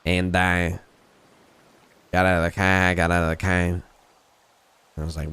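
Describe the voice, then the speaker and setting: Deep-voiced man rambling in roleplay. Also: level tone, a little slow, pauses often, fairly bright tone, clean tone. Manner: profane, rambling, full of "you know what I mean". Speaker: roleplay gamer. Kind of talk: in-character roleplay chat.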